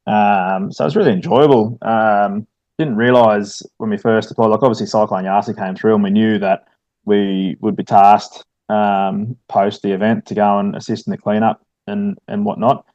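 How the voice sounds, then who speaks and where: A man's voice: fairly low pitch, steady tone, normal speed, a little mellow, dry recording, highs cut off. A middle-aged Australian man, a firefighter and former soldier, chatting casually with lots of fillers and "mate". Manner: laid-back, many fillers, says "mate" often. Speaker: guest, firefighter and army veteran. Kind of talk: casual podcast chat.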